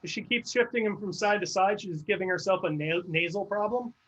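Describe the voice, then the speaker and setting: A man's voice: high-pitched, fairly quick, a bit bright, slightly rough. A man playing an improv comedy game on a video call, making absurd claims with a straight face. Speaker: improv performer. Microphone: video call mic. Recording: muffled video call audio.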